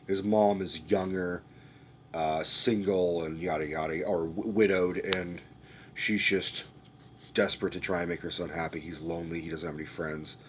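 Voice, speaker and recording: Deep-voiced man ranting about a movie. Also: steady tone, normal speed, a bit bright, a little hiss or hum. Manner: rambling, profane, restarting sentences. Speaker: movie review ranter. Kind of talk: casual spoken movie review rant.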